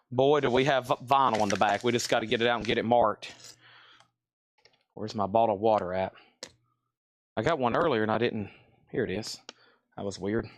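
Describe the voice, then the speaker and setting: A man's voice: on the low side, no room sound. A man hosting a live sale stream, rambling and talking to himself as he works, a bit out of breath. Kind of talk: casual live-stream chat.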